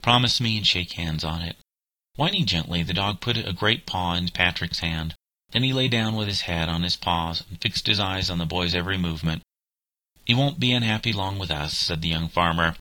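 Deep-voiced man reading a story. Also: normal speed, sharp tone, dry recording, poor audio. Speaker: narrator.

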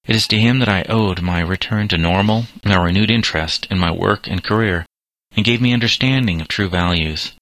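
A man reading a kindly, earnest middle-aged doctor in an audiobook, in a gentle, fatherly way. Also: low voice, fairly quick, dry recording, poor audio. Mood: reflective.

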